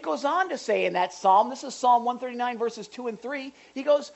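Excited pastor preaching with animated emphasis. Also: medium pitch, fairly quick, vocal fry, hardly any pauses, dull audio. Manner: animated, gets excited and louder; jokey asides to the congregation. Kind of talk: sermon.

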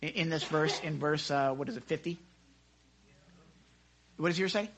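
A man leading a casual Bible study into a microphone, excitable and chatty, often acting out the scenes he describes. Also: on the high side, normal speed, noisy background. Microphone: handheld microphone.

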